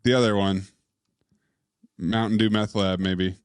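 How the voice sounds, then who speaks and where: A man's voice: on the low side, steady tone, unhurried, smooth, dry recording, studio quality. A man co-hosting a podcast in casual chat, wry and teasing. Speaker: podcast co-host.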